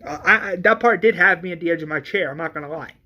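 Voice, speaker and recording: A movie reviewer ranting in an exasperated, excitable way, stumbling over restarts and swearing often. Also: medium pitch, fast talker.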